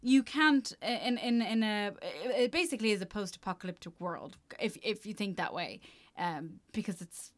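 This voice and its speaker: A woman from Latin America chatting casually as a podcast co-host, loud and animated with frequent restarts. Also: medium pitch, normal speed. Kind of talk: casual chat.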